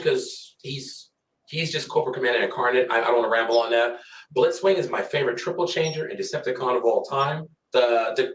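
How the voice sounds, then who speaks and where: A man talking as a guest in a casual chat, excitable, laughing a lot and swearing now and then. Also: medium pitch, far from the mic, slight background noise. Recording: echoey room, off-mic.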